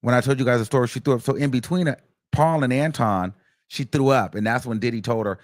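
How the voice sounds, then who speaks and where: A man hosting a casual gossip commentary, recapping courtroom testimony in an animated, chatty way. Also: medium pitch, quick pace, dry recording, clean studio sound. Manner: animated, gossipy, acts out quoted texts in a raised voice. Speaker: commentary host.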